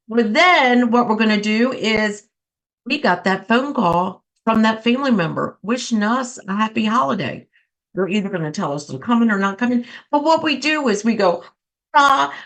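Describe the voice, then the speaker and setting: Upbeat female laughter yoga host, high and bright, encouraging throughout. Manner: cheery, coaxing, breaks into bursts of laughter. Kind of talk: guided laughter yoga session.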